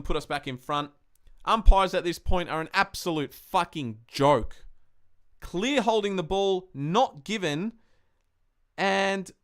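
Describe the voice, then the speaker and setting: A man's voice: on the high side, fairly bright tone, smooth. A young Australian man hosting a live-stream football match review, heated and sweary as he rants about the game. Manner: heated, sweary, ranting fan commentary. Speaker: podcast host.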